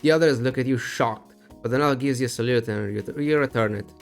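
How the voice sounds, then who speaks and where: A man's voice: medium pitch, fairly quick, creaky, soft background music. A male streamer reading a text adventure aloud, breaking off for profane, wry asides.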